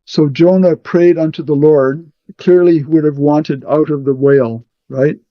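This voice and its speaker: A man with a somewhat high voice leads a Bible study, explaining verses deliberately and checking in with "okay" often. His voice sounds muffled and dry, with no room echo. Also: fairly even intonation. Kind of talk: teaching a scripture study.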